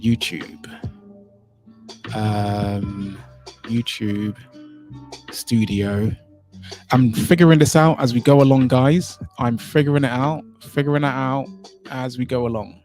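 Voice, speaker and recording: A man's voice: mid-range voice, fairly even intonation, takes it slowly, pauses often, darkish tone. A man from Saint Kitts and Nevis hosting a casual live stream, rambling and thinking aloud as he fiddles with his settings. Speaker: livestream host. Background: faint music.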